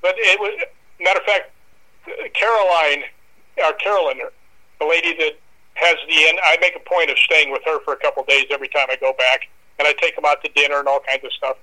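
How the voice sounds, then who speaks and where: A man guesting on a podcast, telling animated anecdotes and acting out the people he quotes. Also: on the high side, fast, poor audio. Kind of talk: casual storytelling.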